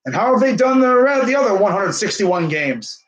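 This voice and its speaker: Young man, casual play-by-play, wry asides, slightly high voice. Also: very animated, normal speed, muffled recording. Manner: laid-back, wry asides between pitches. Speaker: host of a live sports reaction stream. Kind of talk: casual live play-by-play reaction.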